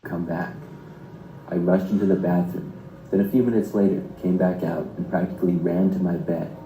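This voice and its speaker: Deep-voiced man narrating a horror story. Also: level tone, moderate pace, warm tone, a little hiss or hum. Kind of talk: scripted first-person narration. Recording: roomy echo.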